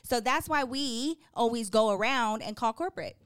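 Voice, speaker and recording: A woman's voice: fairly high pitch, lively intonation, moderate pace, fairly bright tone, smooth, dry recording, studio quality. A woman co-hosting a podcast, telling a story in casual chat with a confident, teasing manner. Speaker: podcast co-host.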